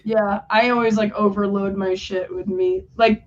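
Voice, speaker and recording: A woman's voice: mid-range voice, fairly even intonation. A woman hosting a livestream in casual chat, laughing often. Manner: laughing, slow drawling talk. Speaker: livestream host. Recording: dull lo-fi audio.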